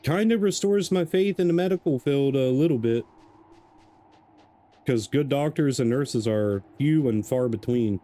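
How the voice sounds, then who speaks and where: A man talking casually over a live game stream, drifting from a long rambling anecdote into commentary on what he is playing. His voice is mellow and warm, pitched in an ordinary middle range, and he breaks into laughter often. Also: unhurried.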